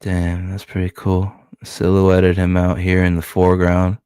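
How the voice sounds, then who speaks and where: A man's voice: deep voice, completely flat delivery, a little slow, warm tone, clear, resonant tone, no echo. A man streaming as he reads through a comic book, with laid-back commentary and casual swearing. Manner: laid-back, swears freely, chuckles at credits.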